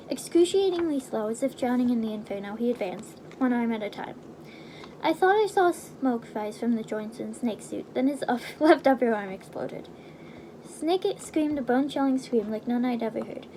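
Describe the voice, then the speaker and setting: Woman reader, high voice, casual read-aloud with slips, faint background hiss. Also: warm tone, rough recording. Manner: casual, stumbles and restarts over words. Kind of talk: reading a game novelization aloud.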